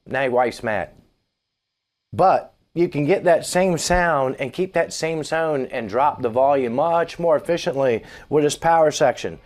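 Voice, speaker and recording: A man's voice: fairly high pitch, a little slow, slight background noise. A man reviewing a guitar amp in a casual, wisecracking video, with jokes thrown between demonstrations. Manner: joking, wisecracking asides. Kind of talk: casual gear demo vlog. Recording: guitar playing behind the voice.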